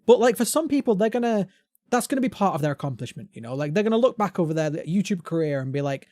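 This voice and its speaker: A British man hosting a gaming podcast, talking casually and ranting with animated emphasis. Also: fairly high pitch, fast, no echo. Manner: animated ranting, mimics voices. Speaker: podcast host.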